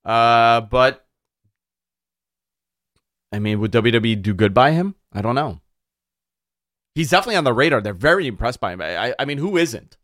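A man co-hosting a casual live-stream chat, joking and lively with quick jumps in pitch. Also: no echo, studio quality. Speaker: co-host.

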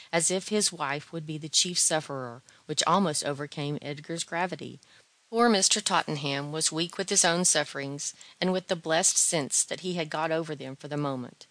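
A woman reading a novel aloud in a measured, gently wry storytelling manner. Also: sits low, no echo. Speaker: audiobook reader. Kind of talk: scripted narration of a novel.

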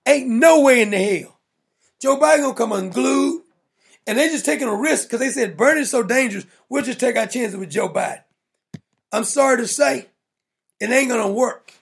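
A man's voice: very high voice, creaky, a bit bright, slightly rough. A man hosting a political talk show, ranting in an emphatic, mocking, blunt way. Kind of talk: opinionated political rant.

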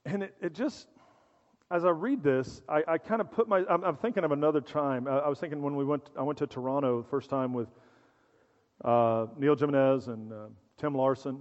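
A man's voice: fairly high pitch, brisk, darkish tone. A middle-aged male pastor preaching a sermon in a conversational, storytelling way, with humor and acted-out voices. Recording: dull sound in a reverberant hall.

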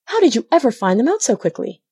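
A woman voicing a jovial grown-man farmer in a storybook reading, speaking with hearty warmth. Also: fairly high pitch, very animated, fast, husky, voice pushed up. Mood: pleased. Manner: jovial, pleased.

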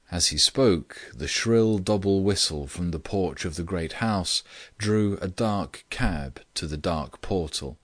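A man reading a classic story aloud in measured, scripted narration. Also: low voice, no room sound. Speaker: audiobook reader.

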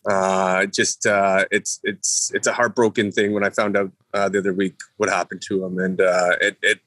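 A man, a former hockey player, talking in a halting podcast chat full of fillers and restarts. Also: sits low, little pitch movement, fairly bright tone, no echo. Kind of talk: casual podcast talk.

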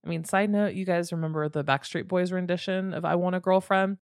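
Wry woman telling a story, lower voice. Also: steady tone, a little fast, dry recording, studio quality. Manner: candid, wry, conversational with asides. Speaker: podcast host. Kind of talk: casual storytelling narration.

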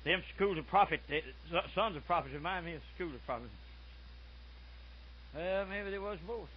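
An older man preaching a folksy sermon, dropping to soft murmurs and then shouting out his stories. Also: high-pitched, normal speed, a little hiss or hum. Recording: muffled lo-fi recording.

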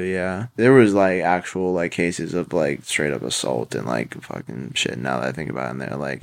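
A man's voice: deep voice, darkish tone. A young man recounting a personal story casually, rambling with many fillers and swearing. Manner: rambling, frequent "like" fillers, profane. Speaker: interviewee.

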